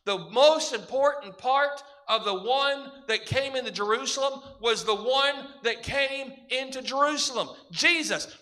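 A man delivering a sermon with a strikingly high-pitched voice. His tone is bright and forceful, and he drives each point home with emphatic, repeated parallel phrases in a classic preaching cadence. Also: unhurried, hardly any pauses. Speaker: pastor.

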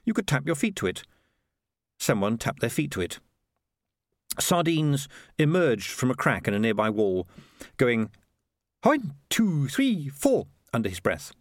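Expressive male audiobook narrator. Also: mid-range voice, normal speed, pauses often, no room sound, studio quality. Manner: lively, expressive storytelling. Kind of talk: scripted narration.

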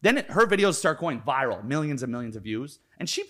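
A man's voice: medium pitch, big pitch swings, a little fast, pushed and bright. A man from Canada, a podcast guest, telling a story in casual chat, acting out quotes and swearing a lot.

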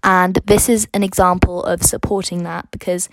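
A woman's voice: fairly low pitch, normal speed, dry recording. Chatty young woman podcasting history revision. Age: young adult. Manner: chatty, jokey and animated. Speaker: student podcast host.

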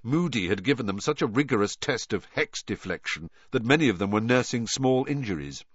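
Man, storybook narration, lively intonation, dry close sound. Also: mid-range voice, fairly quick, husky, no echo, muffled recording. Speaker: audiobook narrator.

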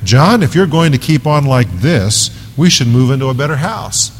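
A man's voice: mid-range voice, sing-song, normal speed, long reverb tail. A preacher voicing a fisherman's hopeful wife.

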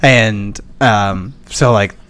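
A man's voice: on the low side, extremely slow, fairly bright tone, slight background noise. A man co-hosting a casual podcast, telling stories with quoted voices and a lot of laughing. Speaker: podcast co-host. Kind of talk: casual chat.

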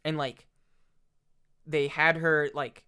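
A man talking casually in a chatty, rambling way, full of fillers and quick laughs. His voice sits a little high for a man. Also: little pitch movement, sharp tone, clear, resonant tone. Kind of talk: casual chat.

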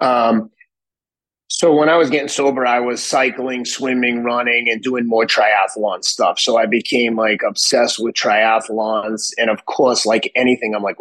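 A man's voice: mid-range voice, fairly bright tone, no echo, low-quality recording. A man in his fifties from Boston, a guest telling stories with swearing, acting out both sides of his conversations. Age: 50s. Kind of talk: animated storytelling.

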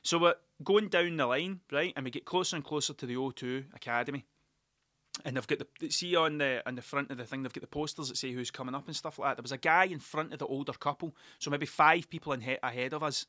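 A man's voice: mid-range voice, quick pace, pushed and bright, dry recording, studio quality. Sweary Glaswegian man telling a story. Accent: Scottish, Glaswegian. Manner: rambling, sweary, wry storytelling. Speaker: podcast host. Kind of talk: casual storytelling monologue.

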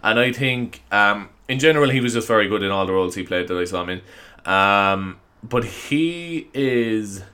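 A man's voice: on the low side, animated, normal speed, pushed and bright. A young Irish man hosting his own podcast, tired, chatting in a rambling, self-mocking way and laughing often. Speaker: podcast host. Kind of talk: casual solo podcast chat.

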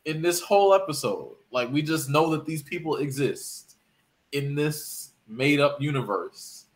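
A man's voice: a little high, expressive, measured pace. A man co-hosting a casual podcast, ranting emphatically about a TV show. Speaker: podcast co-host. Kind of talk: casual chat.

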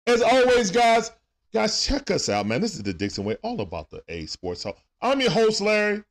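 A man with a high voice that swings up and down a lot calls a basketball game live for his stream viewers. He gets excitable and shouts over the big plays, then drops back into relaxed, casual chat with his audience. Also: normal speed. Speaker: host of a sports talk livestream. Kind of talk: live play-by-play watch-along commentary.

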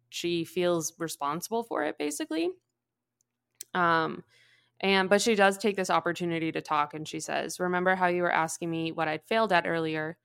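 Low, smooth-voiced woman chatting. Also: fairly bright tone. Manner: chatty recapping, heavy use of "like" and "basically". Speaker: podcast co-host. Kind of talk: casual book-club chat.

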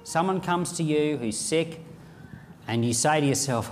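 A man preaching a sermon, reading scripture aloud and acting out the lines of imagined speakers in an animated way. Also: a little high, unhurried, in a large hall, a little hiss or hum.

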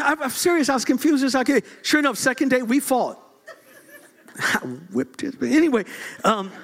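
A middle-aged man preaching a sermon, lively and joking, often laughing as he talks. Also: very high-pitched, a little hiss or hum. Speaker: pastor.

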